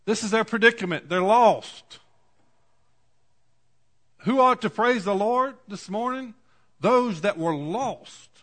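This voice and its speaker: Male preacher, 40s, slightly high voice, folksy sermon storyteller. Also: expressive, moderate pace, long pauses. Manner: folksy storytelling, swings from quiet asides to loud cries. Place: church.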